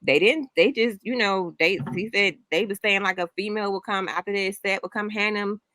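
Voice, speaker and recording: A woman's voice: medium pitch, brisk, sharp tone, dry recording. A woman hosting a casual reaction chat, telling stories in a rambling way with many restarts. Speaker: host.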